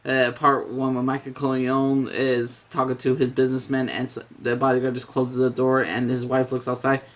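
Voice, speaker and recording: A man talks through a casual video review at a middle pitch, rambling and restarting often. He is blunt and swears now and then. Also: completely flat delivery, moderate pace. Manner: rambling, hesitant, with many fillers and restarts.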